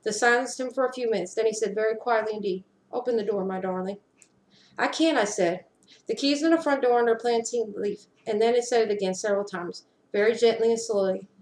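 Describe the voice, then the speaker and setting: A woman giving an intense dramatic reading of a story, slowing down for emphasis, recorded on a webcam at home. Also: on the high side, darkish tone. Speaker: reader. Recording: roomy echo.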